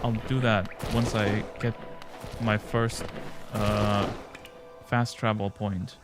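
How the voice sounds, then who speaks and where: A man's voice: fairly low pitch, little pitch movement, slow pace, music in the background. A man live-streaming a game, chatting casually and joking with his chat. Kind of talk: live gameplay commentary.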